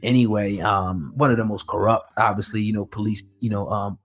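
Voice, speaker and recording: Lowish voiced guy hosting a news talk, kinda hesitant, ums and you knows everywhere. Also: fairly even intonation, highs cut off. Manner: hesitant, lots of fillers, measured. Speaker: host. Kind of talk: casual news commentary.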